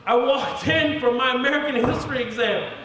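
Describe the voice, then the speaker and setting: Male stand-up comic, high voice, animated and quick, from a distant mic in a roomy hall. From Kuwait. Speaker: stand-up comedian. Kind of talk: stand-up storytelling. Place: large hall at a mosque event. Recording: echoey hall, distant mic, crowd noise. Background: audience crowd.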